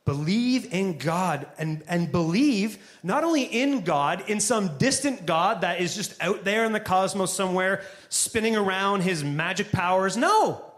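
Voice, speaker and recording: High-voiced pastor preaching, chatty, jokes to the room. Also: male voice, lively intonation, measured pace, hardly any pauses, a bit bright. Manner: conversational, joking asides. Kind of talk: sermon. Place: church before a live congregation.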